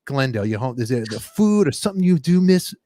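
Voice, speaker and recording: A man hosting a casual interview over a video call, eagerly chiming in with quick agreement. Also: medium pitch, very animated, dark tone, dry recording. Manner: eager, fills in with quick "yeah"s. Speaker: host.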